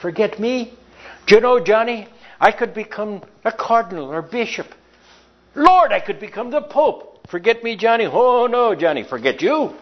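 A man's voice: mid-range voice, sing-song, slow, pauses often, slightly rough, heavily acted. A man voicing a pompous, indignant parish priest who is outraged and self-important, in a lo-fi recording.

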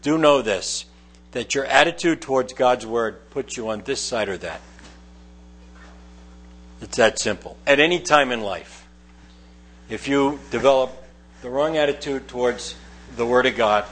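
A man's voice: mid-range voice, unhurried, pauses often, fairly bright tone. A man preaching a verse-by-verse sermon from a lectern, earnest and emphatic, repeating key phrases. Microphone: lectern microphone. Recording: mains hum in background.

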